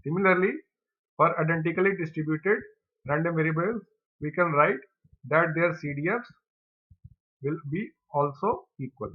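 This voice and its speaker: A man's voice: on the high side, normal speed, long pauses, phone-quality sound. A man teaching an exam probability problem, explaining each step steadily and methodically.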